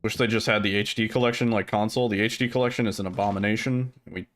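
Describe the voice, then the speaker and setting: A man's voice: fairly low pitch, steady tone, fast, a bit bright, slight background noise. A man streaming a game, chatting casually and swearing freely with lots of filler words. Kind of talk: casual chat while gaming.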